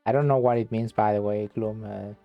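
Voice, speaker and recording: A man streaming a game, chatting with viewers in a slow, relaxed, rambling way. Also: lowish voice, vocal fry, dull audio, faint music behind. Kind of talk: casual gameplay commentary.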